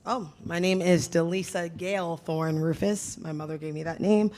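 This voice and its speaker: A woman's voice: lowish voice, steady tone, normal speed, darkish tone. Emotional woman speaking at a public meeting. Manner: heartfelt, apologetic, speaks directly to her late mother. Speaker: public commenter, educator.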